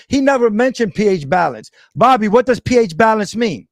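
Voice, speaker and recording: A man's voice: sits high, lively intonation, fairly quick, dry recording. A man from Brooklyn, arguing combatively as a guest in an online debate. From Brooklyn, New York. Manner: combative, repetitive, confrontational.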